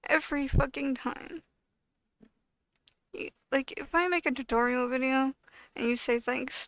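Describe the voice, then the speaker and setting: Young woman vlogger, high voice with constant vocal fry, blunt and frustrated, swearing freely, very dry sound. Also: a bit bright, dry recording. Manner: frustrated, profane, blunt venting; swings between mumbling and raised voice. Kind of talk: casual to-camera rant.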